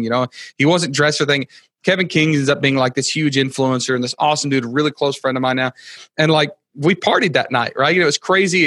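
A man in his thirties, a podcast guest telling stories in casual chat, excitable and rambling with lots of fillers. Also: medium pitch, dry recording.

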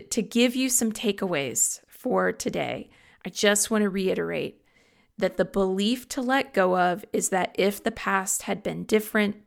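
Earnest woman with a creaky voice. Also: medium pitch. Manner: earnest, personal, gently confiding. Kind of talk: reflective solo talk.

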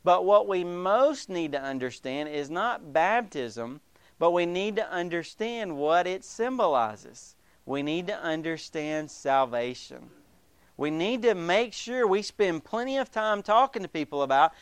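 A man preaching a sermon as pastor, emphatic and animated, acting out the voices of the people he quotes. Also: sits high, measured pace, smooth, no room sound.

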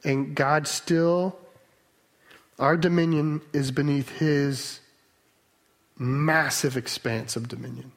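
A man's voice: on the high side, fairly even intonation, slow, long pauses. A man preaching a sermon on Genesis, earnest and emphatic, working through verses and asking rhetorical questions.

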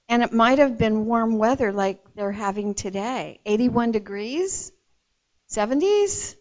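A woman's voice: fairly high pitch, lo-fi sound. A woman preaching a sermon, emphatic and emotional, calling out to her congregation. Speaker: pastor.

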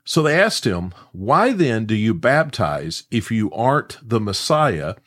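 A man's voice: fairly low pitch, very animated, a little slow, a bit bright. A man giving a daily devotional Bible teaching, reading scripture aloud and then explaining it verse by verse, with occasional "uh" fillers.

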